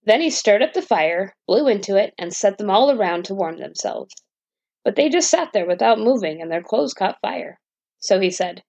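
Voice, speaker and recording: A woman reading a fairy tale aloud as a bedtime storyteller, in a steady, gentle way. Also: medium pitch, moderate pace, vocal fry, dry recording. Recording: dull dry lo-fi recording.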